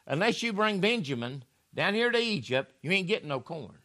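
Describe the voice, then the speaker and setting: A man's voice: sits high, big pitch swings, moderate pace, fairly bright tone, pitched above the performer's own voice. A man preaching acts out a stern ruler threatening his brothers in a blunt, folksy way.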